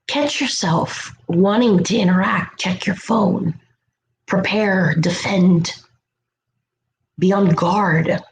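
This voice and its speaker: A woman giving a motivational self-help talk as a spiritual vlogger, animated and slipping into playful voices for asides. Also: medium pitch, extremely slow, long pauses. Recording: echoey room with faint noise.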